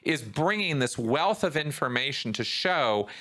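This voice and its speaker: A man hosting a podcast in loose conversational style. His delivery is animated, and his voice pushes higher when something annoys him. The tone is bright and tense, with wide swings in pitch. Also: a little slow. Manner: animated, voice rises when riled up. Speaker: podcast host.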